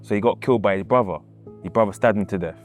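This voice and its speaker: A man's voice: lowish voice, very fast. Man, casual and emotional storytelling, puts on quoted voices, repeats himself, faint music under him.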